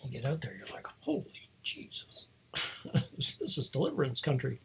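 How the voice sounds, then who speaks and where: A man's voice: mid-range voice, wildly swooping pitch, brisk, gravelly, a bit bright, slight background noise. A man telling a long, meandering story in a casual, self-deprecating way, chuckling often and losing his thread. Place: home, speaking remotely.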